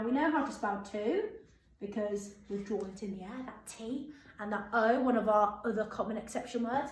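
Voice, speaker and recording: A woman teaching a phonics and writing lesson to young children, drawing out words slowly in a sing-song way. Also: mid-range voice, reverberant, low-quality recording. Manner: slow, sing-song, drawn-out words for dictation. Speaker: primary school teacher.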